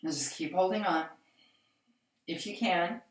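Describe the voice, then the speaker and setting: Calm low-voiced woman leading chair exercises. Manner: calm, reassuring, slow cueing. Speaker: fitness instructor. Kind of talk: guided chair exercise instruction. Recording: echoey room, mic at a distance.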